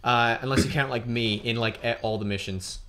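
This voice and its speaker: A man's voice: mid-range voice, steady tone, fairly quick, a crowd in the background. A young man with an Australian accent, rambling and swearing as he gives casual commentary while playing a video game. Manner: rambling, swears a lot, laughs at himself. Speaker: let's play host.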